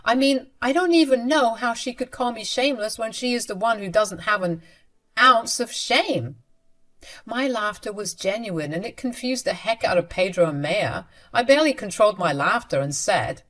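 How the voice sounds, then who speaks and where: A woman's voice: fairly high pitch, expressive, moderate pace, a bit bright. A woman narrating a first-person drama story, confident and mocking in tone.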